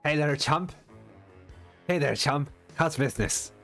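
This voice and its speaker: A man voicing a cocky male loan-shark businessman who is smug and taunting, with drawn-out threats in a game read-aloud. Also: fairly high pitch, fairly bright tone, faint music behind, pitched above the performer's own voice.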